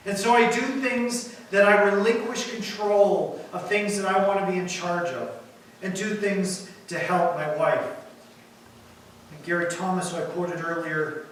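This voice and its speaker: Male pastor, emphatic sermon, fairly high voice, faint room hum behind. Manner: emphatic, builds to loud points then drops quiet. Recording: echoey hall from far off.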